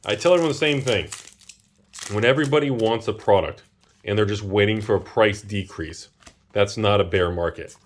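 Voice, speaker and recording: A man's voice: fairly low pitch, moderate pace. A man hosting a casual pack-opening video, chatting about prices and exclaiming over the cards he pulls. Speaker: channel host.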